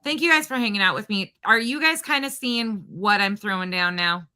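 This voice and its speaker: A woman's voice: mid-range voice, moderate pace, bright, forceful tone, clear, resonant tone. A woman hosting a casual livestream from home, talking in an exasperated, rambling way with lots of restarts. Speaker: livestream host.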